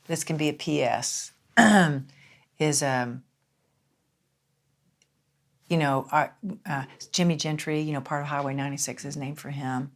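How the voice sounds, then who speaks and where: A woman in her sixties, a singer-songwriter guest, telling stories in a relaxed, reflective dinner conversation. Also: low-pitched, a little slow, long pauses. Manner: reflective storytelling, lively and animated.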